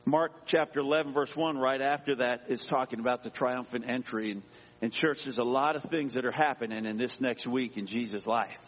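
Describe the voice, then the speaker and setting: Pastor preaching with dramatic voices, slightly breathy, echoing church hall. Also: male voice, mid-range voice, fairly even intonation, brisk. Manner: dramatic, acting out voices from scripture. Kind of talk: sermon. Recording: dull echoey church sound.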